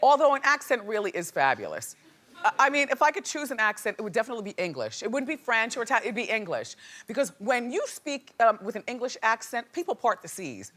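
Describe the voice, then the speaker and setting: Give me a woman talk show host gossiping, sassy and chatty, with a bright, tense voice. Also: a little high, sing-song, fast talker. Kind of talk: celebrity gossip monologue.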